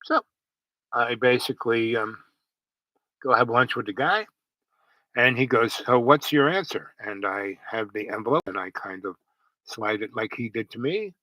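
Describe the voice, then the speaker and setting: Male host, casual storyteller; bright, forward tone, close and dry, loose rambling delivery with lots of "you know.". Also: mid-range voice, normal speed, pauses often, no room sound, rough recording.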